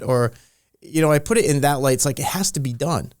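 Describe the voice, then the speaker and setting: A man's voice: medium pitch, fast, darkish tone, dry recording, studio quality. A middle-aged man, a strength and conditioning coach, talking in a casual interview, rambling with many restarts and telling stories with animation. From Rhode Island.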